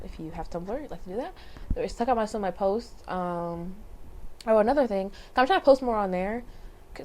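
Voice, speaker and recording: A young woman talks to camera in a loose, rambling way, circling back and correcting herself often. Her voice sits at an ordinary middle pitch, and she peppers her story with fillers and soft laughs. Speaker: vlogger. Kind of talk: casual personal storytelling.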